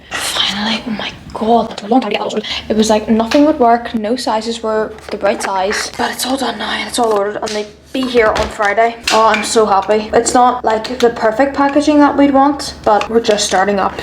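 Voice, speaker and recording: Young woman, higher voice, casual home-kitchen vlogger, phone mic. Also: background noise. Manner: chatty, exasperated asides to her dogs. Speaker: vlogger building a nutrition brand. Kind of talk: casual vlog narration.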